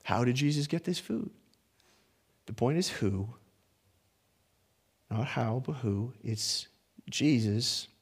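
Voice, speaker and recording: Slow, creaky and slightly rough, a male pastor's mid-range voice delivers a conversational sermon with long pauses. He sinks to hushed lines, rises to animated ones, and drops in playful asides and restarts.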